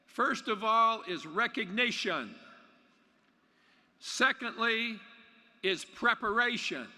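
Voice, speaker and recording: An older man giving a folksy, plainspoken commencement speech in a large arena, with halting restarts. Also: sits high, pushed and bright. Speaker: commencement speaker. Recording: long arena reverb.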